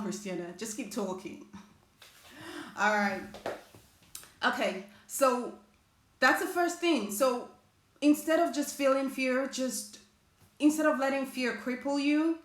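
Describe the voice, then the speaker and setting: A woman with a fairly high, slightly bright voice hosts a live motivational stream in an echoey room. She chats with her viewers and reads out their comments.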